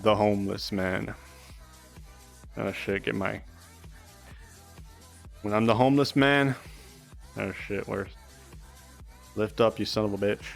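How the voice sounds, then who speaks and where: A man's voice: fairly low pitch, fairly even intonation, slow pace, gravelly, long pauses, soft background music. A young man chatting casually and rambling on a live stream, swearing often.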